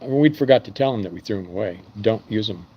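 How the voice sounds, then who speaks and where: A man's voice: lowish voice, lively intonation, quick pace, husky, lo-fi sound. A man who runs an engine machine shop, rambling through stories in a casual live stream. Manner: rambling storytelling with fillers.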